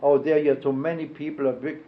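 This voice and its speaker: An older man recalling his past in an oral history interview, speaking haltingly with fillers and self-corrections. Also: on the high side, fairly even intonation. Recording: dull lo-fi archival tape.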